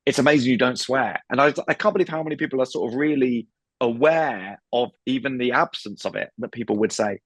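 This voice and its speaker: A man's voice: medium pitch, a little fast, no echo. A British man, a comedian guest, chatting casually on a podcast with frequent stammered restarts. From United Kingdom. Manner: stammering restarts, acts out voices.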